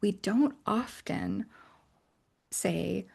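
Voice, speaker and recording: A woman's voice: medium pitch, unhurried, vocal fry, a little mellow. A woman coach leading an online workshop in a conversational way, often checking in with "right?". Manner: conversational, keeps asking "right?".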